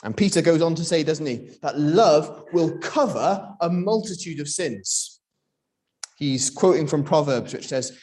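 A man preaches a sermon. His voice sits a little high, and he keeps it conversational, asking his listeners question after question. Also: animated, a little slow, a little mellow. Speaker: pastor.

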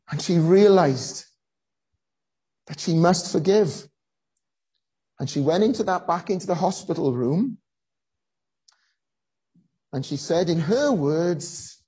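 Slow, earnest preacher telling a story. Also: mid-range voice, lively intonation, dark tone, slightly rough, poor audio. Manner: earnest storytelling with frequent pauses and fillers. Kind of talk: sermon.

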